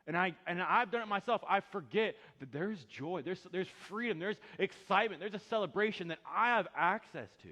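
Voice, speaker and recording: A young adult man, a pastor, preaching a sermon and swinging between loud emphatic peaks and quiet low asides. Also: moderate pace, hardly any pauses, in a large hall.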